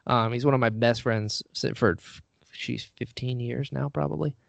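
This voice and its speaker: A man's voice: mid-range voice, steady tone, moderate pace, gravelly, dry recording. A man, a guest on an interview show, telling a story in a casual, self-deprecating way, acting out the voices he quotes. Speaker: podcast guest, actor and writer. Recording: dull lo-fi dry recording.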